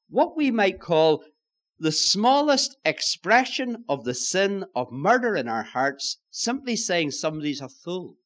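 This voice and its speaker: A man preaching a sermon, moving between loud stresses and hushed, solemn phrases. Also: on the high side. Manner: old-fashioned preaching, swinging from loud emphasis to hushed.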